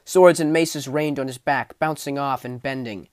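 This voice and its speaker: A man narrates a fantasy novel as an audiobook, with vivid, intense storytelling. His mid-range voice climbs with the action and sinks to a low menace for the darker passages. The recording is dry and close, with no room sound. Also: steady tone, normal speed, no echo.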